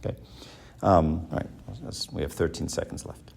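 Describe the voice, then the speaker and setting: Lively male professor teaching a class. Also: extremely low pitch, normal speed, vocal fry, noisy background. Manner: animated, keeps checking in with "right?". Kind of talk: lecture with rhetorical questions.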